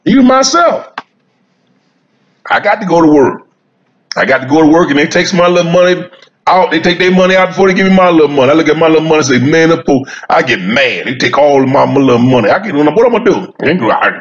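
A man's voice: fairly high pitch, very animated, fairly quick, fairly bright tone, lo-fi sound. A man vlogging about cigars, rambling in a folksy, repetitive way and chuckling as he talks straight to his viewers while he smokes outdoors. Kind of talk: casual rambling monologue. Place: sitting outdoors smoking a cigar.

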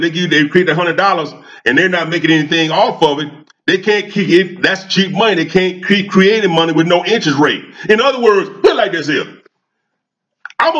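A man's voice: high-pitched, fairly bright tone, lo-fi sound. A man, a cigar vlogger talking in a fired-up casual monologue, repeating himself and asking his audience questions.

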